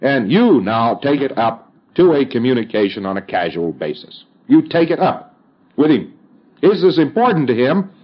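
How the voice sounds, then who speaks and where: A man's voice: mid-range voice, sing-song, normal speed. A man lectures in a mid-range voice, conversational but emphatic, and drops in folksy fillers as he explains. The sound is dull and muffled, like an old lo-fi tape. It feels like an instructional talk to a class.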